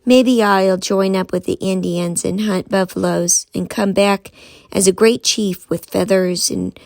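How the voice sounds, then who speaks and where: A woman's voice: mid-range voice, creaky, no room sound. Woman doing a bold, boastful young schoolboy.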